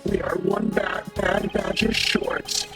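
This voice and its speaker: A woman voicing a creepy, stiffly polite male badger mascot through a demonic voice changer, in a breathy, whispery manner. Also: mid-range voice, flat delivery, slow, music in the background, pitched below the performer's own voice. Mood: creepy puzzled.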